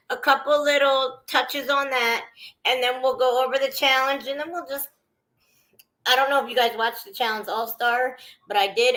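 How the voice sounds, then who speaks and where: A woman's voice: high voice, sharp tone, rough recording. A woman chatting casually with viewers while cooking, greeting them by name as she goes. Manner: chatty, greets viewers mid-sentence, trails off. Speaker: vlogger cooking on a livestream.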